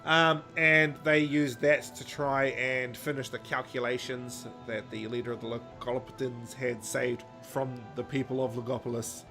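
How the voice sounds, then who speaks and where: A man's voice: mid-range voice, flat delivery, moderate pace, hardly any pauses, over music. A man co-hosting a podcast, casually recapping a story in a rambling, jokey way with lots of ums. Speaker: podcast co-host.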